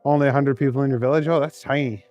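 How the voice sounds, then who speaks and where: A man's voice: medium pitch, fairly even intonation, very fast, a little mellow, highs cut off, soft background music. A man streaming live while walking city streets at night, chatting with viewers and laughing often. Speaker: livestreamer. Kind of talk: casual livestream chat, answering viewers.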